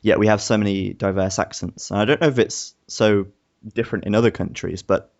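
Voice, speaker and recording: A young Englishman co-hosts a podcast, his fairly low, steady, darkish voice brisk and touched with vocal fry. He chats reflectively and easily, laughing often. The audio is muffled and lo-fi.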